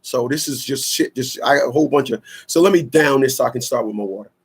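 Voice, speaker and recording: Blunt husky-voiced New man. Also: mid-range voice, fast talker. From Newark, New Jersey. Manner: blunt, preachy, rambling, slangy. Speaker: radio show host. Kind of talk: animated radio talk monologue.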